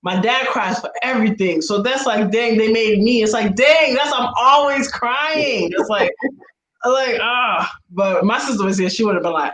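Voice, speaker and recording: A woman chatting casually as co-host of a live video stream, self-deprecating and animated when she retells what people said. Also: a little high, a little slow. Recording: roomy with faint background noise.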